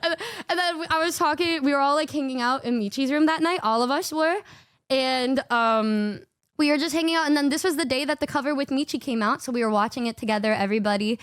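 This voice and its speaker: A young woman casually telling trip stories, excitable and slangy, swearing freely and laughing often. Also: sits high, quick pace, no room sound, studio quality. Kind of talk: casual storytelling.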